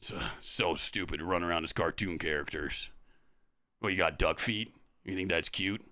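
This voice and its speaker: A man's voice: deep voice, moderate pace, pushed and bright, no room sound, studio quality, voice pushed down. A man voicing a sneering, macho male shooter-game fan who mocks other players.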